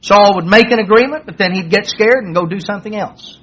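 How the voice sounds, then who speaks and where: A man delivers a sermon in a plain, conversational way and lifts his voice to act out the lines of the story. His voice sits high and has a husky edge. The recording is dull and lo-fi. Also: fairly quick, a bit bright. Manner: conversational, acts out quoted dialogue in a raised voice. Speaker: preacher. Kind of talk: sermon retelling a Bible story.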